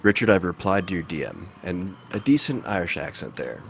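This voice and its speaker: A man calling live poker hands in a relaxed, joking play-by-play style. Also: low-pitched, fairly quick, creaky, a little hiss or hum. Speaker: poker commentator.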